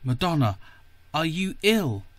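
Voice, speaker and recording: A man voicing a frightened nobleman who speaks in a hoarse, shaken voice in a story reading. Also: fairly high pitch, big pitch swings, slow pace, no room sound, voice pushed up. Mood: fearful. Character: frightened young nobleman, trembling.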